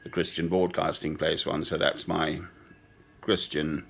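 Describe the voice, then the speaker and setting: A man in his sixties with a very low voice speaks unhurriedly. He wanders from thought to thought in a sentimental personal monologue, chuckling softly along the way. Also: level tone, unhurried, gravelly, slightly rough. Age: 60s. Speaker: speaker addressing a woman.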